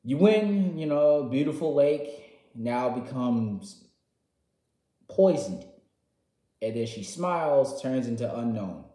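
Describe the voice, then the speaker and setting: A man casually recapping a game story, excitable and slangy, jumping from loud outbursts to quiet asides. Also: medium pitch, takes it slowly, pauses often. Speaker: gaming vlogger. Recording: roomy echo.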